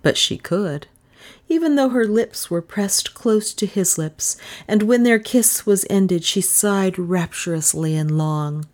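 A woman reading a hardboiled comic novel aloud as audiobook narrator, brisk and wry. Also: medium pitch, darkish tone. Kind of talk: scripted narration.

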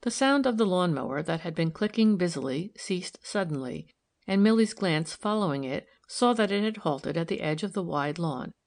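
This is scripted audiobook narration: a woman with a fairly low voice reading a novel aloud at a steady, measured pace.

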